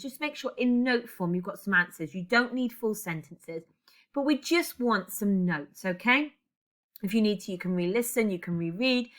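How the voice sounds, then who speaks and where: A woman's voice: mid-range voice, fairly bright tone. A woman English teacher recording a lesson, guiding students step by step with reflective questions.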